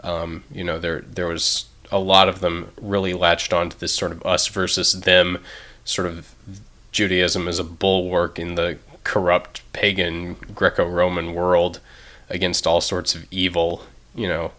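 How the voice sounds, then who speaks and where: A man co-hosting a casual faith podcast, soft-spoken, with dry, understated remarks. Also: low voice, completely flat delivery, unhurried. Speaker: podcast co-host.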